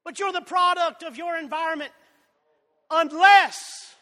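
A man with a Southern drawl from Georgia, preaching a fiery sermon that swings between loud shouts and soft asides. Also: extremely high pitch, fairly even intonation, unhurried. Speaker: pastor. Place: church sanctuary. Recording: long hall reverb.

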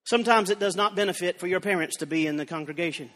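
Man, preacher, revival sermon, very high voice, long reverb of a church sanctuary. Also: fast talker. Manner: builds from storytelling to shouting fervor.

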